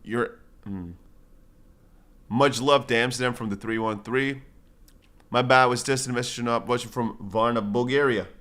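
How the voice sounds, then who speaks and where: A man's voice: mid-range voice, fairly even intonation, moderate pace, pauses often, fairly bright tone. Slangy man chatting on a crypto stream. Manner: rambling, reads viewer chat aloud and answers it; slangy, says bro and brother a lot. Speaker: crypto livestream host. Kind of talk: casual livestream chat.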